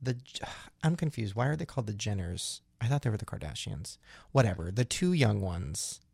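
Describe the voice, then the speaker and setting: A young man co-hosting a podcast, chatting casually and telling stories in an animated way with crude jokes. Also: fairly low pitch, moderate pace, gravelly, husky, no room sound. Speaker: podcast co-host. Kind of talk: casual chat.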